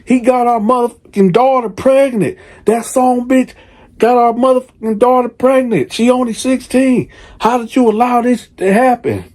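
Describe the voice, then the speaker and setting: A man voicing an enraged birth father who shouts threats and curses, voice pushed up high. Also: moderate pace. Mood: furious. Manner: yelling, cursing, threatening.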